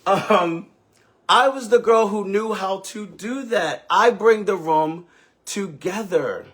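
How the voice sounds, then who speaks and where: A man's voice: high voice, slow pace, a bit bright, slightly rough. A man who is a ballroom house mother, telling an emotional, candid and profane story on a live stream with sassy, dramatic delivery.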